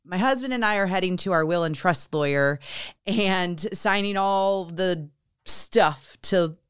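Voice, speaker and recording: A woman hosting a faith podcast, telling stories in a lively, animated way and acting out what others said. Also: on the low side, unhurried, clear, resonant tone, dry recording, studio quality. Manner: animated storyteller, acts out quoted voices. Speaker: podcast host. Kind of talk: casual conversation.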